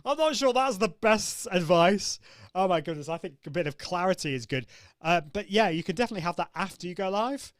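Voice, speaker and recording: A man's voice: high-pitched, animated, brisk, no echo. A man hosting a live coaching show, upbeat and demonstrative, answering viewers' comments as he teaches. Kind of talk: live-stream coaching talk.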